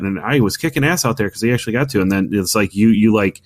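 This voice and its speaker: A man co-hosts a casual gaming podcast, rambling with many restarts and arguing his opinions firmly. He speaks quickly in a lowish voice.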